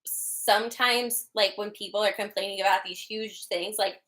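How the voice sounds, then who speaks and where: Bright-voiced woman telling rambling stories. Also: medium pitch, steady tone, normal speed, poor audio. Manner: rambling storytelling, heavy filler words, laughs. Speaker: podcast co-host. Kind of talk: casual chat.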